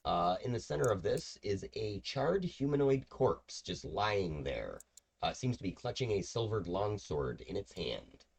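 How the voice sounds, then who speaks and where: Gravelly-voiced male game master. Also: on the low side, sing-song, unhurried. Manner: meandering, filler-heavy narration. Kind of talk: narrating a tabletop game.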